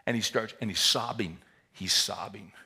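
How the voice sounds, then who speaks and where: A man preaching a sermon, telling a story in a conversational way that builds to loud, intense climaxes. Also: fairly low pitch, moderate pace, slightly rough. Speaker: pastor.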